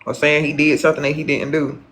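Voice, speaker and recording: A man's voice: a little high, little pitch movement, fast, fairly bright tone. A man chatting on a live stream, rambling and profane, repeating himself as he gossips and calls viewers honey. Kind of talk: casual live-stream chat.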